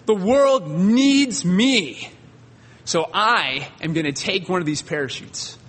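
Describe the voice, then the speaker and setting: A preacher putting on a boastful know-it-all tech expert, stretching each word with smug pride. His husky voice rings out in a long hall echo. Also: high voice, animated, takes it slowly, a bit bright, exaggerated voice. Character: boastful male tech expert, arrogant and self-important.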